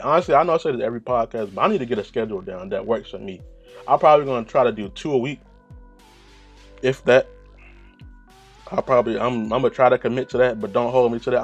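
A young man talks loosely through his solo podcast, full of fillers and cursing. His voice sits at an ordinary pitch for a man. Faint music plays underneath. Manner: casual, profane, rambling with many fillers. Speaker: podcast host.

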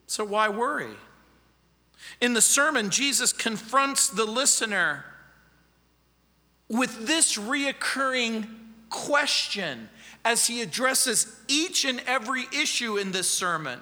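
A man's voice: extremely high pitch, animated, slow, bright, forceful tone, big-room sound. A man preaching a sermon as pastor, emphatic and fond of repeating key phrases. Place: church.

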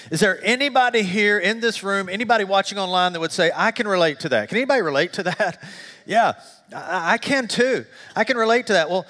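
A middle-aged male pastor preaches to a congregation, his voice sitting a little high and carrying a long reverb through the sanctuary. He tells stories with animated, self-deprecating humor, dropping quiet and low for confessional stretches. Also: fairly quick. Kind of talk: sermon. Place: church sanctuary.

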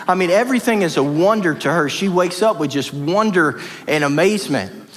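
A man's voice: high-pitched, lively intonation, brisk, a little hiss or hum. Passionate man preaching in an echoing hall. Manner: passionate and emphatic, heavy repetition. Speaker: pastor. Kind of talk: sermon. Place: church hall. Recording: reverberant church hall.

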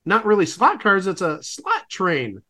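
A man's voice: sits high, wildly swooping pitch, measured pace, bright, forceful tone. A man co-hosting a podcast, making wry, rambling comedic asides about an old TV broadcast. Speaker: podcast co-host. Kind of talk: casual comedic commentary.

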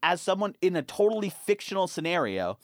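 A man's voice: sits high, very animated, brisk, no echo, studio quality. A young man hosting a casual podcast, swearing and laughing as he rambles through stories. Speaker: podcast host.

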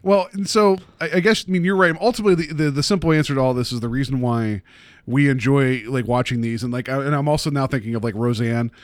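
A man's voice: medium pitch, steady tone, fast talker, no echo. A man in his thirties chatting casually on a podcast, telling stories in a wry, self-deprecating way. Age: 30s. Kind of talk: casual chat.

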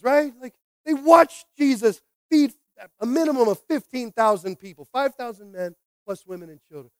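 Male pastor preaching in a church, high voice, dry close sound, goes soft then loud. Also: big pitch swings, fairly quick, no echo. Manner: repetitive call-and-response preaching, swings from quiet to shouting. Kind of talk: sermon. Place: church sanctuary.

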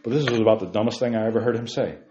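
A man leading a Bible study in a fiery preaching style, emphatic, firing off rhetorical questions and leaping to near-shouts. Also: lowish voice, steady tone, racing, a little hiss or hum. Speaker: Bible teacher. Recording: roomy, dull lo-fi sound.

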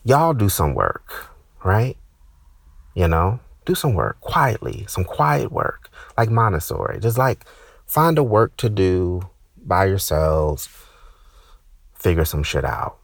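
A man in his thirties doing stand-up, ranting with profanity and sudden high-pitched outbursts. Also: very animated, slow pace, gravelly, dry recording. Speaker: stand-up comedian. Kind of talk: stand-up comedy set.

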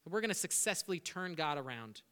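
A man preaching a sermon as pastor, animated, acting out people's prayers to God with rising intensity. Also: on the high side, quick pace, smooth. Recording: reverberant hall.

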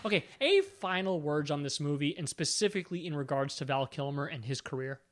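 A man hosting a casual film discussion, retelling movie scenes with animated energy. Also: on the high side, brisk. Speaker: podcast host.

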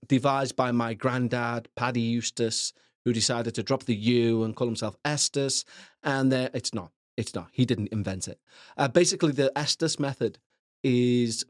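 A man's voice: medium pitch, no room sound, clean studio sound. A man hosting a podcast in a casual, rambling, self-mocking way, joking around and reading out a listener's story. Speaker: podcast host.

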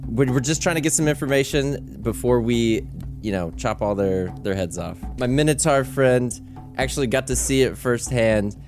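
A man's voice: mid-range voice, lively intonation, normal speed, over music. A man playing a tabletop game, talking brashly, swearing often and laughing. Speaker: player.

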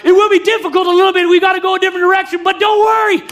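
A man's voice: extremely high pitch, flat delivery, racing, voice pushed up. A preacher voicing God calling out as a father. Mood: urgent calling. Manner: pleading, loud calling out. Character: God as a loving father calling for his lost children.

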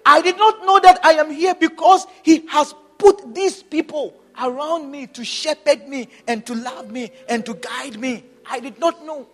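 A man's voice: extremely high pitch, a little slow, few pauses, a bit bright. A man preaching a sermon, repeating his phrases and urging his listeners on with emphatic exhortation.

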